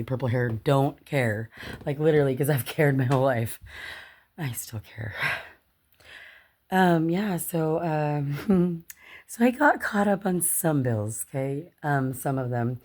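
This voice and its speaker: A woman's voice: a bass voice, warm tone. A woman vlogger telling a personal story casually to her viewers, chatty and swearing, often laughing and calling them "you guys.".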